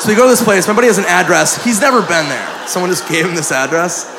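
A man telling a crude, self-mocking story as a stand-up comedian, animated and loose, recorded live in a comedy club. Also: high-pitched, fast talker, gravelly, a crowd in the background, background noise.

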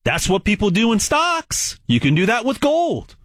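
A man giving an emphatic sales pitch, hammering points by repeating words and dropping folksy asides. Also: wildly swooping pitch, normal speed, a bit bright. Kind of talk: direct-to-camera sales pitch.

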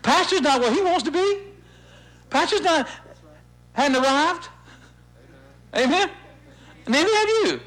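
A man preaching as pastor, leading his congregation in repeating lines, animated and insistent. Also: unhurried, pauses often. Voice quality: animated, swooping pitch when stirred. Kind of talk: sermon with call-and-response.

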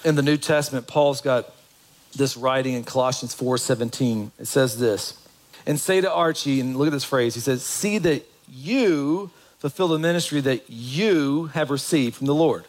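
A man's voice: mid-range voice, moderate pace, rough recording. A man preaching a sermon as pastor, in a conversational way that asks the congregation questions.

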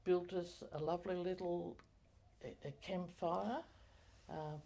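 An older woman recalling her community life in an oral history interview, halting with many fillers and self-corrections. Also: fairly low pitch, steady tone, gravelly, dark tone.

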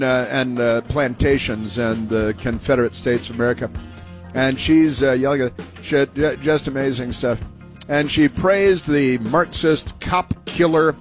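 A man hosting a talk radio show, speaking in a sarcastic, mocking way with many halting fillers. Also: medium pitch.

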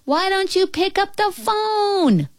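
A woman voicing an eager little girl who calls out loudly from far away, in a storybook reading. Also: expressive, slow, no room sound, clean studio sound, heavily acted. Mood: calling out. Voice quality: high, calling from far off.

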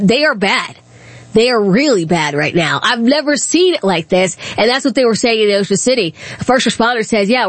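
A chatty woman hosts a talk radio show, telling her listeners stories. Her voice sits a little high. The studio sound is dry and close. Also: dry recording. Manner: chatty, storytelling, laughs easily. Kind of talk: casual talk radio monologue. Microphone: studio microphone.

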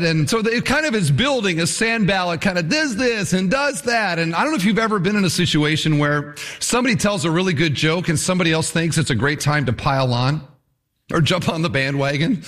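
Lively, animated male preacher. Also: high-pitched. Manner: animated preaching, acting out mocking voices. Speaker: pastor. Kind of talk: sermon.

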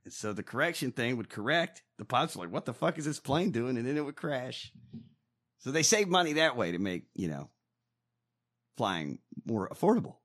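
A man's voice: mid-range voice, sing-song, moderate pace, a bit bright. Profane ranting man. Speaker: co-host. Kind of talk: casual podcast banter.

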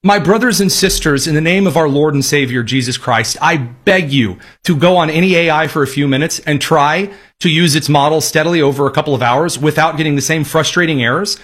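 A man's voice: fairly high pitch, brisk, hardly any pauses, fairly bright tone, husky. A man delivering sarcastic, emphatic political commentary in a ranting style. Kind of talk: opinionated commentary.

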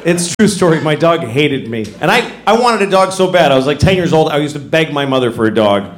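A middle-aged male stand-up comedian tells stories animatedly on a comedy club stage before an audience, acting out characters with big pitch jumps at a fairly quick pace. The recording has the roomy sound of a live venue, with noise.

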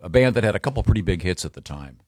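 A man's voice: low-pitched, expressive, dry recording, clean studio sound. A man hosting a radio show, telling a rambling story in casual chat, stopping often to find his words. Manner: rambling, halting with fillers.

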